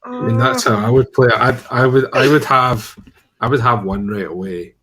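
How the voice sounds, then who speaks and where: A man's voice: mid-range voice, sing-song, normal speed, a bit bright, husky. A man hosting a party game over a remote call from home, teasing the players in a dry way with hesitant restarts. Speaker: game host. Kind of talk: casual chat running a party game. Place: at home during lockdown.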